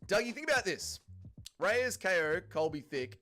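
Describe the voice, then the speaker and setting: Brief: young Australian guy, animated host, pitch swinging all over, faint music underneath. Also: moderate pace. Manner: animated, sweary, reads chat aloud. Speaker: livestream host. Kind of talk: casual watch-along commentary.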